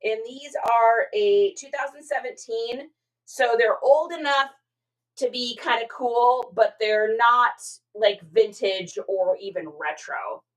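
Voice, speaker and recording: A woman's voice: on the high side, slow pace, poor audio. Chatty middle-aged woman live-streaming. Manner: chatty and expressive, with frequent fillers and repeated words. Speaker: reseller hosting a live stream. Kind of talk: casual live-stream chat, reading out viewer comments.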